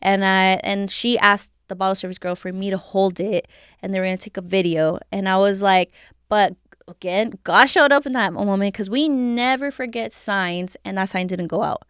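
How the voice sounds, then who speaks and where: A woman's voice: medium pitch, moderate pace, fairly bright tone, smooth, dry recording, studio quality. A woman telling her faith testimony as a podcast guest, in a candid and emotional way, full of "like" fillers. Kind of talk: casual personal testimony.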